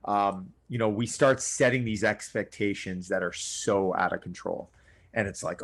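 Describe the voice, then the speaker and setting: A man's voice: on the low side, normal speed, fairly bright tone. A middle-aged man, a personal trainer, talking in a casual podcast interview with an earnest, coaching manner, often acting out his clients' lines. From Long Island, New York.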